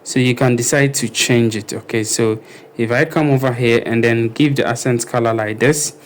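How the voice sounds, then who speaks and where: A man talking casually through a screen-recorded web design tutorial, thinking aloud and filling pauses with ums and okays. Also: mid-range voice, steady tone, slight background noise.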